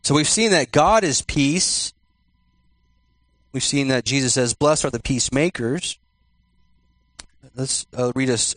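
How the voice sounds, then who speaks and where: A male pastor giving a sermon in church, repeating and slowing down his key phrases for emphasis. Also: medium pitch, fairly bright tone, no room sound. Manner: repetitive, emphatic preaching with slowed key phrases.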